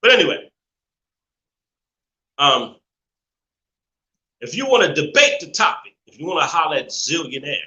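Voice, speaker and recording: This man has a high, very bright and piercing voice that rings out in an echoey room. He hosts a live call-in stream in a preachy, opinionated way, stretching his points out slowly and laughing often. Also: sing-song. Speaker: live show host.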